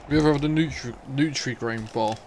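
A man's voice: mid-range voice, fast, darkish tone. Swearing male streamer, noisy audio. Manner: bickering, heavy swearing. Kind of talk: live gameplay stream chat.

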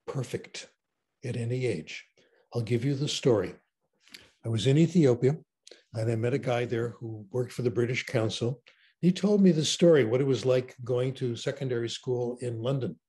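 Animated older man telling stories. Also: mid-range voice. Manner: enthusiastic storyteller, animated. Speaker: interview guest. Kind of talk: conversational interview.

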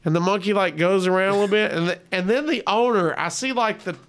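A man's voice: high-pitched, fast, clean tone. A man telling a story as a guest on a comedy podcast, acting out the voices of the people in it. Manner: animated, acts out quoted voices.

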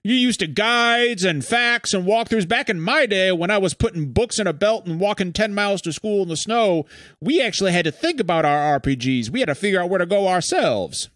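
A man's voice: high-pitched, lively intonation, fairly quick, fairly bright tone, no room sound, studio quality, pitched above the performer's own voice. A man putting on a grumpy old man voice, scolding young people in a mock rant. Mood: grumbling.

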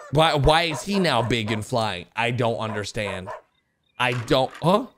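A young man giving excited reaction commentary on animated videos, with an exclamatory, animated way of talking. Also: on the high side, slight background noise. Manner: animated, exclamatory, frequent gasps and laughs. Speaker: gaming YouTuber reacting to animations.

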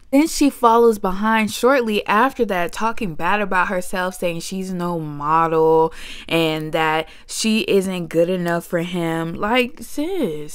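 A woman's voice: mid-range voice, no room sound, studio quality. A young woman giving sassy, opinionated commentary in a vlog. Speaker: commentary creator.

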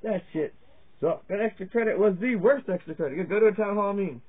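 Heard through tinny, lo-fi, phone-like audio, a high-pitched comedy vlogger from Virginia talks fast with a breathy edge. His monologue to the camera rambles in stand-up style, crude, profane, and jokey, bouncing from one topic to another.

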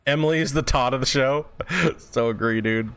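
A young man chats casually with his live-stream viewers while he plays, loose, rambling and freely profane. His voice sits at an ordinary middle pitch. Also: normal speed, fairly bright tone, clean tone. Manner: chatty, loose and profane, answering chat. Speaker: gaming streamer.

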